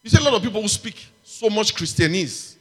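High-voiced preacher in a reverberant hall. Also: male voice, fairly quick, breathy edge. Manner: animated preaching with shouted amens and hallelujahs. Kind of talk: sermon.

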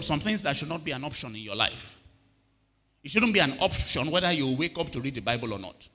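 A man's voice: medium pitch, bright, forceful tone, in a large hall. A middle-aged male pastor preaching a sermon and often asking the congregation if they are hearing him. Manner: preaching with repeated call-outs to the congregation.

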